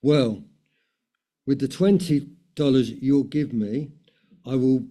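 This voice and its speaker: A man's voice: medium pitch, takes it slowly, dark tone. A man voicing a small seven-year-old boy who pleads with his father, read earnestly in a told story. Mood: pleading.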